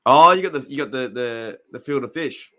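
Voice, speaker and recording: Brisk and animated, a young Australian man with a medium-pitched, sharp-toned voice hosts a relaxed live stream. Between reactions to the game, he chats in a rambling way and reads out what viewers type.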